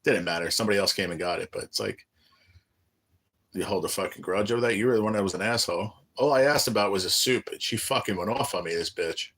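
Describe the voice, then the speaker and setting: A man's voice: on the low side, fast talker, a bit bright, husky, no room sound. Blunt, cursing man on a livestream. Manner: blunt, profane storytelling, reading chat aloud. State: sick, undergoing cancer treatment. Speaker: livestream host. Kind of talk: casual live-stream chat. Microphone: phone or webcam.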